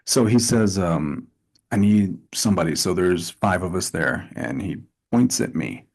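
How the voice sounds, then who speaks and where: A man in a casual interview, telling animated stories with lots of restarts and asides. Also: low-pitched, a little slow, gravelly, breathy edge. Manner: animated storytelling with repeated restarts. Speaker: actor, interview guest.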